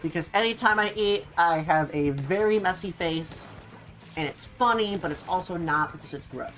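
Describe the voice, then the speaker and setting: A young woman with a fairly low voice chats loosely with her stream chat while she plays, giggling and talking through bites of food. She speaks into a desk microphone, with faint game music underneath. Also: moderate pace, a bit bright. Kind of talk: casual livestream chat while gaming. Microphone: desk mic, no face cam.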